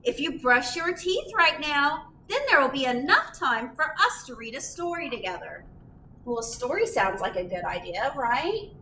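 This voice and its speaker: A woman's voice: sits high, big pitch swings, normal speed, pushed and bright, a little hiss or hum. A woman reading a picture book aloud at a library storytime, sing-song and full of questions for the children. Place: library room. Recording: roomy echo.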